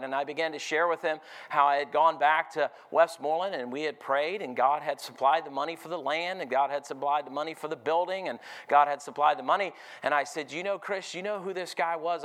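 Preacher guy, slightly high voice, tells stories and keeps throwing "amen?" at the church. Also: fairly bright tone. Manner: storytelling with repeated "I said", calls of "amen?" to the congregation. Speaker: pastor. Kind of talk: sermon.

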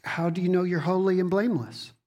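This preacher talks fast in a warm, mid-range voice while giving a sermon. He reads scripture aloud to the congregation, asks rhetorical questions, repeats words, and teaches as he speaks.

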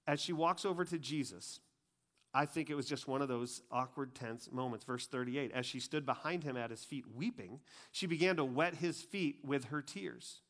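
A man preaching a conversational sermon, chatty and full of asides, dropping to a hushed, grave tone for serious points. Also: mid-range voice, normal speed. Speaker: pastor.

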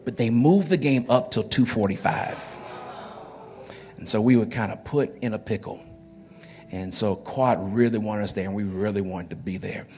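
A man's voice: on the low side, moderate pace. Folksy pastor speaking to his congregation. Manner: folksy, joking with the congregation, often repeating words. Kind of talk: sermon. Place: church sanctuary.

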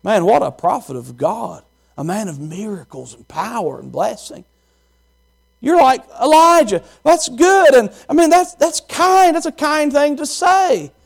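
High-voiced preacher, folksy. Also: male voice, measured pace, creaky, breathy edge. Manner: folksy, animated, quizzes the congregation. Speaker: pastor. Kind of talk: sermon.

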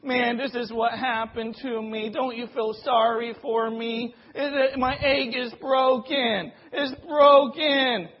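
A man voicing a whining, panicky man wailing and blaming others over a broken egg, shrill and frantic. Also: fairly even intonation, takes it slowly, hardly any pauses. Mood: self-pitying. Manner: shrill, frantic, self-pitying. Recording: dull lo-fi recording.

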